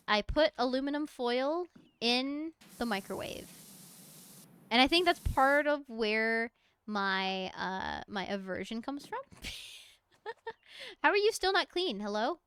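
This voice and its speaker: A woman's voice: fairly high pitch, expressive, measured pace, a bit bright, clean tone. Chatty American woman streamer, laughing often. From United States. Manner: chatty, rambling storyteller who laughs often. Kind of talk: casual stream chat while gaming.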